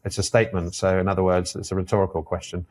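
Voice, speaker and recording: A man with a low, deep voice speaks as a guest on an interview podcast. He is an airline captain and talks in a thoughtful, measured way, working through his ideas step by step. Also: level tone, a little mellow. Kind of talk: reflective conversational interview.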